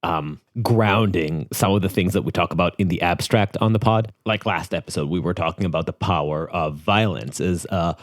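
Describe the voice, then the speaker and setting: A man's voice: deep voice, normal speed, hardly any pauses, no room sound, clean studio sound. A man with an Israeli accent co-hosting a podcast, speaking thoughtfully with frequent restarts. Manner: thoughtful, hesitant with many restarts. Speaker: podcast co-host. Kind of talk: casual podcast chat.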